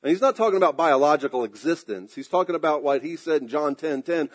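A man preaching a sermon, drawing out emphatic phrases and dropping into quiet asides, clearing his throat now and then. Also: a little high, lively intonation, quick pace, hardly any pauses. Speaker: pastor.

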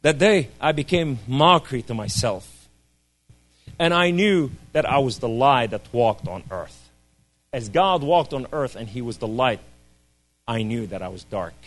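A man giving an impassioned testimony sermon, swinging between loud cries and hushed, low speech. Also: expressive, measured pace, faint music behind.

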